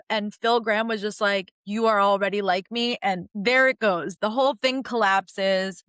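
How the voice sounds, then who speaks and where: On a studio-quality recording with no room sound, a young female podcast host talks animatedly about a TV series in a medium-pitched voice. Her casual recap features offhand swearing and characters' quotes performed in a raised voice.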